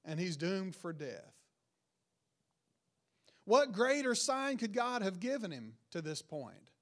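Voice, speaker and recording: A man preaching a sermon, retelling a Bible story with rising emphasis and quiet, dropped line endings. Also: high voice, big pitch swings, slow.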